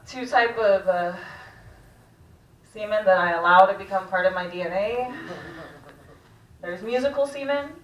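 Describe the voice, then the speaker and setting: A woman doing a stand-up set at an open mic, deadpan and laughing at her own jokes, recorded in the back room of a restaurant. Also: medium pitch, measured pace, long pauses, highs cut off. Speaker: stand-up comedian. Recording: echoey room, far mic.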